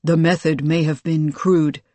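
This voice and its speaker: A man's voice: on the high side, level tone, measured pace, darkish tone, no room sound, natural voice. A narrator voicing a guarded male fighter who speaks in a level, matter-of-fact way in an audiobook. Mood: flat, formal.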